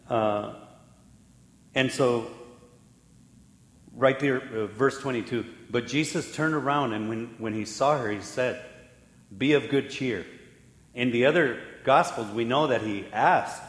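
A man preaching a sermon as pastor, telling the story with lively acted-out voices and laughing at himself now and then. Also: mid-range voice, takes it slowly, long pauses. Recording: echoey hall with long reverb.

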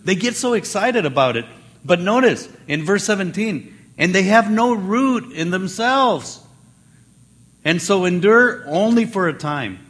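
A man preaching a Bible teaching sermon in a conversational way, jumping in pitch as he acts out the people he quotes. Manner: animated, acts out quoted voices with pitch jumps; conversational with fillers and restarts.

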